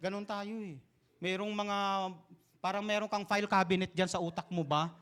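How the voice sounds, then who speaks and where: High-voiced Filipino pastor preaching. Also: male voice, steady tone, brisk, fairly bright tone, clean tone. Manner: switches between English and Tagalog, emphatic storytelling. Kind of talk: sermon.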